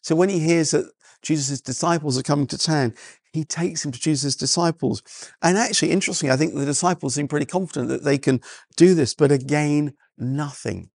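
A man's voice: on the high side, brisk, creaky, a little mellow, no echo, clean studio sound. A man preaching a sermon in an earnest way, often repeating words and restarting his sentences. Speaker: pastor.

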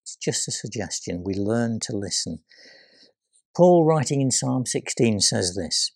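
A man preaching a sermon, retelling scripture with dramatic pauses and hushed quoted voices. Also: medium pitch, lively intonation, no echo, clean studio sound.

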